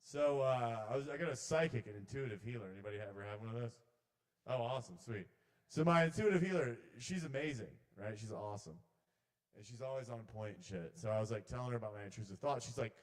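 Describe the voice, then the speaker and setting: A man doing a rambling, swearing stand-up set at an open mic in a small bar. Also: fast talker. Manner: rambling, swearing, shouts the intrusive voices loud and high. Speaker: comedian.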